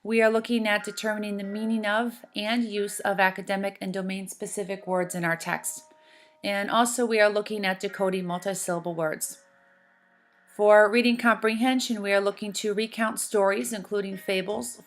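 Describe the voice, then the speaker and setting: In a recorded lesson, a woman teacher with a mid-range voice gives slow, deliberate instructions and spells out sounds.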